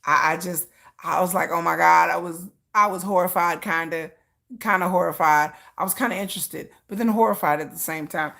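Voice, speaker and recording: A woman's voice: fairly low pitch, brisk, creaky. A woman hosting a comedic commentary, telling a story with acted-out screams and frequent laughter. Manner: animated storytelling, acts out shouts and screams, laughs often. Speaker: commentary host.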